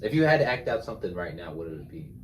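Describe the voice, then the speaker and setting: A man's voice: low-pitched, very animated, very fast. A young man co-hosting a podcast, chatting casually with lots of fillers and restarts. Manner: laid-back, rambling, lots of fillers. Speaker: podcast co-host. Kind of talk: casual chat. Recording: distant mic with faint background noise.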